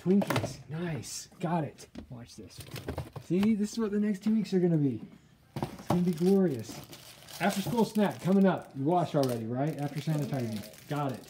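A woman's voice: sits low, lively intonation, normal speed, reverberant, background noise. A woman in her thirties, a family vlogger chatting upbeat and straight to viewers at home. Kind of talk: casual home vlog to camera.

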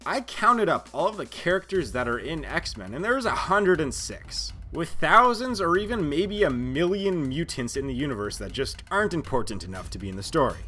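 A man's voice: on the high side, pushed and bright. A man hosting a casual science commentary video, chatty and jokey as he explains.

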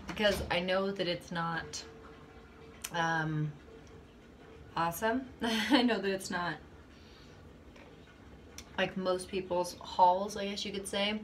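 A woman's voice: lowish voice, slow, long pauses, slight background noise. A young woman chatting casually to her vlog camera in a rambling way, with lots of fillers and small laughs. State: shivering with cold. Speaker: vlogger. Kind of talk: casual chat.

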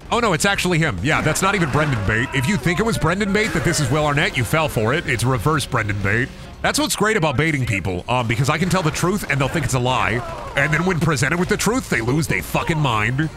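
A man's voice: fairly high pitch, expressive, fast talker, over music. A man streaming a video game, talking in a crude, rambling, joking way. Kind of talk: gaming stream commentary.

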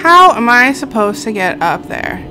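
A woman's voice: a little high, very animated, moderate pace, background noise. A woman streamer giving chatty, jumpy let's play commentary, talking to her viewers and shrieking when startled. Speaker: gaming streamer.

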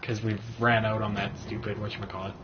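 A man's voice: fairly low pitch, level tone, quick pace, lo-fi sound, slight background noise. A man playing a video game with a friend, chatting casually and reading menu text aloud. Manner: chatty, reads game menus aloud, self-mocking. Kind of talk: casual let's-play commentary.

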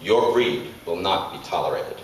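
A man voicing a smug male government agent in a fable, smooth and patronizing. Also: sits low, animated, normal speed, heavy reverb, distant mic, crowd noise, rough recording.

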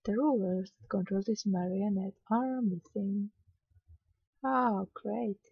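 A woman's voice: medium pitch, slow pace, vocal fry, slightly rough, no echo, lo-fi sound. A woman casually talking through a hidden-object game, sleepy and yawning, muttering with mild exasperation. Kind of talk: casual let's-play commentary.

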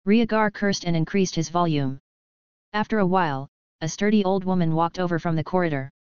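A woman reading an audiobook as narrator in an even, steady manner. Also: fairly low pitch, a little fast, clean tone, no echo. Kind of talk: scripted narration. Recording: dull lo-fi dry audio.

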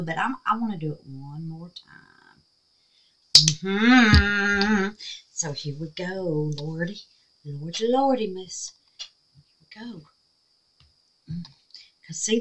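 A middle-aged woman hosting a crafting video, talking casually and excitably with many exclamations. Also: on the low side, rough recording. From Southern United States. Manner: chatty, excitable, frequent exclamations. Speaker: resin craft video host. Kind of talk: casual crafting demo talk.

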